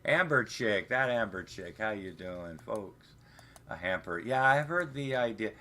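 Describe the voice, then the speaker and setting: A man's voice: fairly low pitch, animated, a little slow, sharp tone. A man hosting a livestream from home, chatting in a rambling, profane, meandering way. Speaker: livestream host. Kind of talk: rambling live-stream chat. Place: home, off camera.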